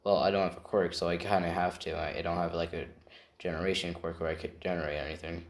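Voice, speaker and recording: A man voicing a calm, protective teenage boy hero, earnest and reassuring. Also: sits low, quick pace.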